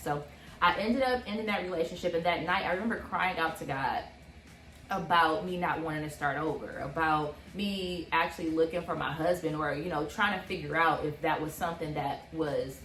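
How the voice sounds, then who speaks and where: A young woman in her twenties, casually telling a personal story on a couple's vlog, animated and full of fillers. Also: low-pitched, roomy sound, slight background noise. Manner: animated, many fillers, acts out quotes. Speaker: vlog co-host.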